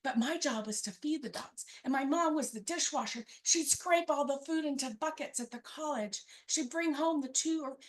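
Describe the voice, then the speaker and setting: High-voiced woman telling a family story. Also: normal speed, few pauses. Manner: conversational, wry, acts out family members' quoted lines. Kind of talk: live personal storytelling.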